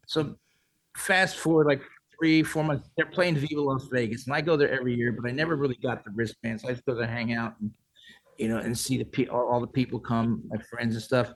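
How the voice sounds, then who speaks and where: A man's voice: medium pitch, rough recording. A man in his sixties, a musician guest, telling long rambling stories in a casual interview. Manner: rambling anecdotes, many restarts and "like".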